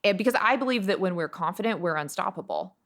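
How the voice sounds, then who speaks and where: A woman's voice: mid-range voice, animated, fast. A woman from Washington state, a beauty brand founder, talking in a heartfelt podcast interview in an earnest, reflective way, often restarting her sentences. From Washington, USA. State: emotional, near tears.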